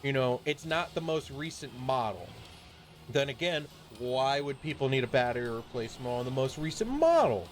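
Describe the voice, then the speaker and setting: A man's voice: medium pitch, very animated, moderate pace, slight background noise. A man streaming a game while telling a grumbling, profanity-laced story in a casual chat. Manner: swears freely, grumbling rant.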